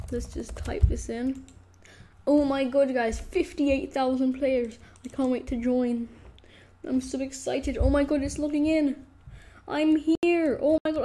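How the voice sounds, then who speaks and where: Gushing high-voiced young woman gamer. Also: warm tone. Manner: gushing and overexcited, constant exclamations, panicky squeals. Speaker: gaming YouTuber. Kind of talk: comedic gameplay commentary playing a clueless newbie.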